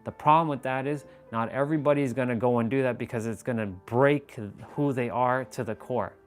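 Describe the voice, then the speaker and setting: A man's voice: mid-range voice, brisk, faint music behind. A man giving casual, intense motivational talk on his live stream, preachy and swearing freely.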